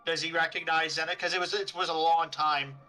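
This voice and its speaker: A man's voice: on the high side, fairly even intonation, fast talker, pushed and bright, soft background music, low-quality recording. A man playing in a tabletop game, casually declaring what his character does. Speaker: player.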